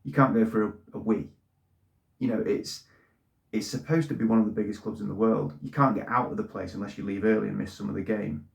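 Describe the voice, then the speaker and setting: A man's voice: fairly low pitch, fairly even intonation, fairly quick, gravelly. A middle-aged man, talking plainly about his football club in a casual monologue, often repeating words as he goes. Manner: plain-spoken, repeats words when emotional. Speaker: football fan channel host. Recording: echoey room.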